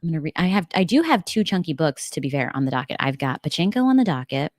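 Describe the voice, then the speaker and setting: A woman's voice: deep voice, big pitch swings, quick pace, no echo, studio quality. A young American woman hosting a casual livestream, chatty and bubbly, filling her talk with "like" and little laughs. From United States. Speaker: livestream host. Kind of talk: casual live-stream chat.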